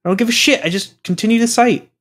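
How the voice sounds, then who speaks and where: Excitable young man on a podcast. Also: extremely high pitch, fast talker. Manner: excitable, swears freely, mock-gushing. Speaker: podcast co-host. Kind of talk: casual chat.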